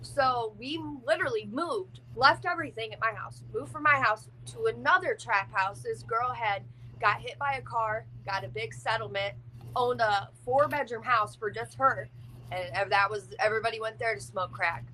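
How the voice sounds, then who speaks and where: A woman's voice: a little high, normal speed, sharp tone, a little hiss or hum, poor audio. A woman recounting her past in casual, blunt speech, swearing freely and leaning on "like" as filler. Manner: blunt and profane, heavy use of "like". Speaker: interview guest. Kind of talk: casual storytelling.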